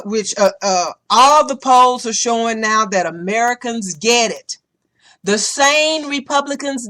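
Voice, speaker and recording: A woman hosting a podcast in casual opinion-show style, talking bluntly and profanely and telling animated stories. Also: on the high side. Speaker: podcast host. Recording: podcast recording.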